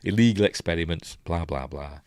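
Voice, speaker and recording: Low-voiced Yorkshire man rambling through a review. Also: fairly quick, a little mellow, no echo, clean studio sound. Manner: rambling, chatty, thinks aloud. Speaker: film reviewer host. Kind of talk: casual live film breakdown, reading chat.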